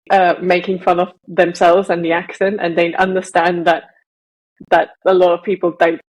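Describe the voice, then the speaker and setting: A woman's voice: on the low side, rough recording. A woman co-hosting a podcast in casual chat, rambling and correcting herself as she goes. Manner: rambling, self-correcting, laughs at own examples. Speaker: podcast co-host.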